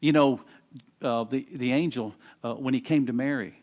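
A man preaching a sermon in a conversational way, often repeating words and swinging between quiet explanation and fervent emphasis. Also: medium pitch, steady tone, moderate pace.

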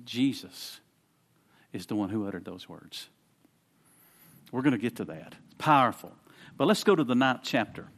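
A man preaching a sermon in a conversational way, often repeating words and swinging between quiet explanation and fervent emphasis. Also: mid-range voice, animated, normal speed, pauses often.

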